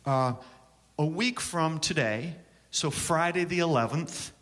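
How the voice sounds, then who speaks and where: A man from Syracuse, New York speaks slowly in a fairly high, slightly bright voice while presenting a songwriting workshop. He jokes and banters with a live audience in a conference hall, and the recording has long reverb.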